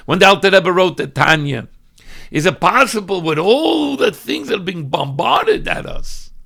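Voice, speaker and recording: A man from Brooklyn, a rabbi giving an expressive Torah lesson that breaks into loud mock shouting. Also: sits high, moderate pace, gravelly. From Brooklyn, New York. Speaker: rabbi teaching a weekly class.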